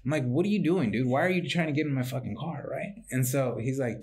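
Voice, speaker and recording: A male podcast host spins stories in a loose, conversational way. He acts out the people in them with animated voices. He keeps tagging his lines with "right?" and swears without a second thought. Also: medium pitch, fast, few pauses. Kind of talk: casual storytelling chat.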